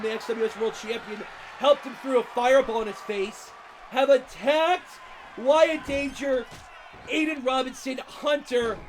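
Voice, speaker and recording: Biased wrestling commentator, man, shouting over a roaring arena crowd and loud noise. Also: very high-pitched. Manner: openly biased, shouting, swearing, cheering on favorites. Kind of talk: play-by-play commentary.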